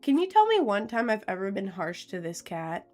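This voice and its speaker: A woman's voice: medium pitch, sing-song, moderate pace, darkish tone, soft background music. A young woman streamer in casual live-stream chat. She giggles often, reads viewers' questions aloud, and answers them playfully.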